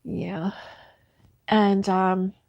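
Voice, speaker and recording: Woman, easygoing craft-stream host, giggly and unhurried, dry close sound. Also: mid-range voice, little pitch movement, gravelly, no echo, highs cut off. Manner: giggly, laughs often, soft-hearted. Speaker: crochet livestream host. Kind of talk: casual chat reading viewer comments.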